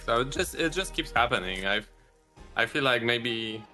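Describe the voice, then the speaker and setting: A man talking as a podcast guest, relaxed and rambling with frequent restarts. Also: mid-range voice, moderate pace, faint music behind. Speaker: guest, video creator. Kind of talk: casual podcast chat.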